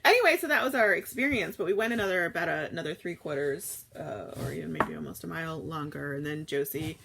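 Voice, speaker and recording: A woman's voice: low voice, fast, vocal fry, background noise. A woman in her thirties, chatting casually and rambling through a live morning stream, with lots of fillers and restarts. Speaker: food vlogger hosting a live morning chat.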